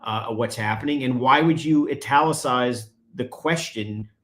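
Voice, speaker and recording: A man's voice: medium pitch, normal speed, a bit bright. A man, a guest attorney, explaining legal procedure in conversation and growing emphatic when he presses a point.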